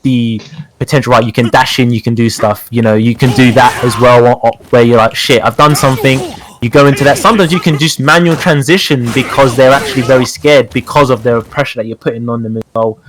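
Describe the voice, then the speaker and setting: With a crowd audible behind him, a British guest specialist rattles through a fighting-game tutorial in a casual, chatty way, using lots of fillers and repeated words. His mid-range voice stays steady, and he's a fast talker.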